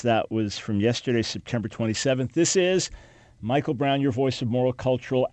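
A man's voice: medium pitch, darkish tone, dry recording. Male radio host, New York origin, earnest and emphatic, dry studio sound. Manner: earnest, emphatic, with repeated restarts. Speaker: radio talk show host. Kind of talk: radio talk show monologue.

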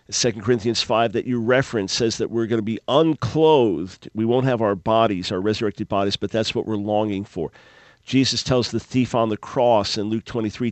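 A man hosting a call-in radio show, answering Bible questions in a measured, explanatory way. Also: lowish voice, no echo. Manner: measured, explanatory, thoughtful pauses. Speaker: radio talk show host.

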